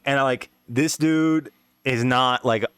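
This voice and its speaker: A man with a middle-pitched voice tells a long story in loose, rambling podcast talk. He swears freely and drops slang and filler tags as he goes. The recording is dry, with little room sound. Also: slow, fairly bright tone, clear, resonant tone, dry recording. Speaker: podcast host. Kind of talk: casual storytelling.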